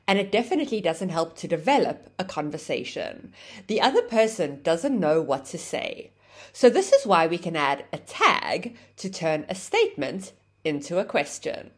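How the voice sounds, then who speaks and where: Lively woman teaching English grammar. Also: mid-range voice, husky. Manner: explaining, acts out example phrases with exaggerated intonation. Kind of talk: grammar lesson.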